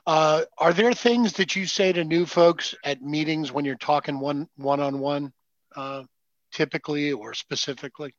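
A man interviewing a guest, asking questions in a halting way with restarts. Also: fairly high pitch, no room sound, dull audio.

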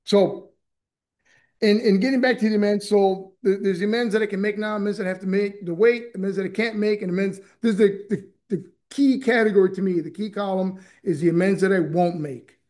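A man's voice: high voice, fairly even intonation, a little fast, a little mellow. A middle-aged man telling his personal story at a recovery meeting, rambling and often restarting his sentences. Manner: rambling, repeats words, frequent restarts. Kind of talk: personal testimony.

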